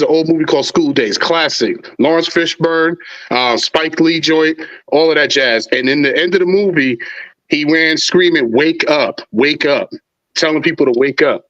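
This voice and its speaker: A man's voice: a little high, moderate pace. Man, podcast guest, casual slangy talk, a bit lo-fi on a call. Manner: relaxed, slangy, enthusiastic. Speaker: podcast guest, trivia show creator. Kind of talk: casual chat.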